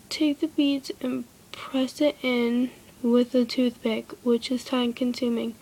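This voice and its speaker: A woman's voice: a little high, a little mellow, husky, low-quality recording. Girl half-whispering a craft tutorial. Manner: half-whispered, apologetic, easily irritated. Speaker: craft video maker. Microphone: iPod camera close by. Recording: faint background noise.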